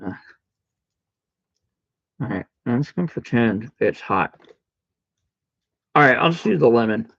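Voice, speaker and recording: A man's voice: mid-range voice, animated, measured pace, creaky, long pauses, a bit bright, dull audio. A man chatting casually during a live game stream, playfully over-dramatic and humming little tunes between lines. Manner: chatty, mock-dramatic, humming and singing sound effects. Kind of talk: casual live-stream chat while gaming.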